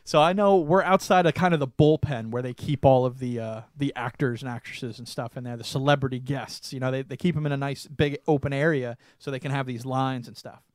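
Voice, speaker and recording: Young man, podcast co-host, casual storytelling, animated, laughs a lot, dry close-mic sound. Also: mid-range voice, a little fast, few pauses, no room sound. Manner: animated, laughs often, frequent fillers.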